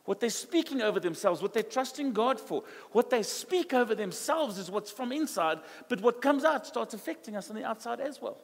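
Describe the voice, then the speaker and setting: South african pastor guy, high voice, lively chatty sermon in a big reverby church hall. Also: brisk, creaky, few pauses. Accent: South African English. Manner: conversational, animated preaching that acts out quoted dialogue.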